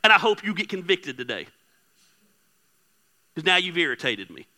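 A man preaching a sermon, candid and joking with his congregation, swinging between soft asides and loud emphatic bursts. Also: high voice, very animated, normal speed. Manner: candid, joking, talks straight to the crowd. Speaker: pastor. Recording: hall reverb.

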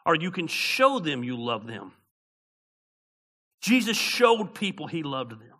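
A middle-aged man preaches with a strikingly bright, forceful voice that sits a little high for a man. He swings between loud preaching and quiet storytelling, with folksy slang. His delivery is that of a pastor giving a sermon. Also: big pitch swings, takes it slowly.

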